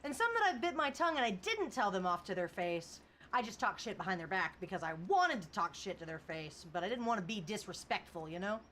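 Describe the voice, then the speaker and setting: A woman's voice: mid-range voice, very animated, a little fast, fairly bright tone, slight background noise. A young woman chatting casually on a livestream, laughing often and reading chat aloud. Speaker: streamer.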